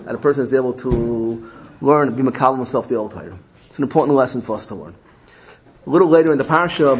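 A man's voice: mid-range voice, poor audio. A man with a Yeshivish English accent giving a Torah lecture, telling a story in a sing-song learning cadence that rises and drops. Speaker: rabbi teaching Torah.

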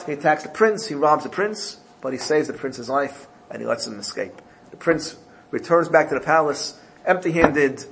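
Guy giving a torah shiur, bit high pitched, acts out the story, faint hiss behind. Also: rough recording. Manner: animated storyteller, voices characters in the parable. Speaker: rabbi.

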